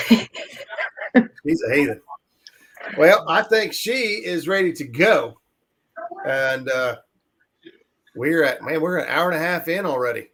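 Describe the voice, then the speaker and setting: A man's voice: fairly high pitch, lively intonation, slow pace, pauses often, fairly bright tone, slight background noise. Joking man hosting a livestream. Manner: joking, reads out comments. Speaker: channel host. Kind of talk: casual chat on a livestream.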